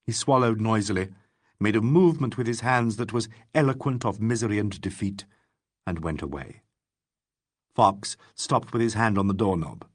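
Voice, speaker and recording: A man narrates a classic mystery audiobook from a script, telling the story expressively. His voice is on the low side at a moderate pace, in a dry, studio-quality recording.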